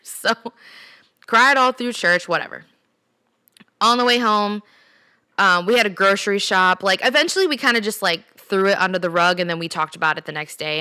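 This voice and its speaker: A woman's voice: mid-range voice, sharp tone, dry recording. A young adult woman hosting a solo podcast, telling a personal story in a candid, chatty way. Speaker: podcast host. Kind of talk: solo casual podcast talk.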